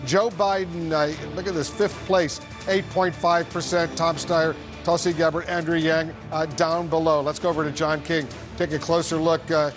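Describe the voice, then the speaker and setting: A man's voice: fairly high pitch, flat delivery, moderate pace, few pauses, music in the background. A man anchoring live breaking election news in a TV news studio, reading out results with urgency. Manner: urgent, reads numbers crisply.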